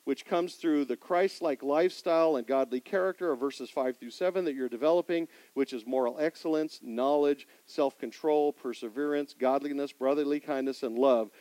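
A middle-aged man preaching in a church sanctuary, asking the congregation questions and swinging between loud emphasis and quiet asides. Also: medium pitch, normal speed, dry recording, rough recording. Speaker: pastor. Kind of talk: sermon.

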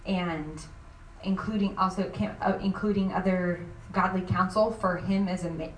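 Halting woman panelist in a roomy hall. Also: lowish voice, steady tone, slight background noise. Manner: halting, many restarts and fillers. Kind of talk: faith-based panel talk. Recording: roomy sound from a distant mic.

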